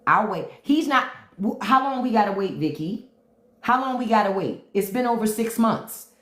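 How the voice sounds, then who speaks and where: A woman's voice: on the high side, expressive, moderate pace. Blunt, taunting woman livestreaming in a roomy space. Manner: blunt, taunting, repeats her question to commenters. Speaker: podcast host on a livestream. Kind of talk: unfiltered livestream commentary.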